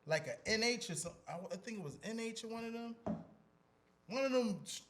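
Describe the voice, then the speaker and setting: A man hosting a casual podcast, talking loosely and haltingly, often repeating words. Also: very high-pitched, animated, background noise. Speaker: podcast host.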